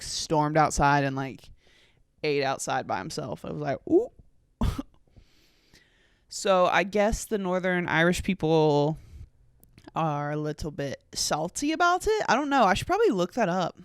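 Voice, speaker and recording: A woman's voice: fairly low pitch, no echo, studio quality. A young woman in her twenties from the United States, hosting a casual solo podcast in a rambling, sweary, sarcastic way full of fillers. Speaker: podcast host.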